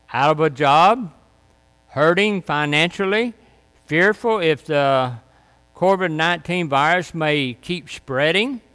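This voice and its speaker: A man preaching a sermon and closing with a prayer, speaking slowly and emphatically and repeating key phrases. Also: fairly high pitch, a bit bright, clear, resonant tone. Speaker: pastor. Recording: long hall reverb.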